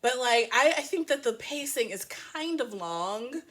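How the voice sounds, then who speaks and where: A woman reviewing a book and its TV adaptation in a casual, animated way, laughing often and making playful asides. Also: a little high, a little slow.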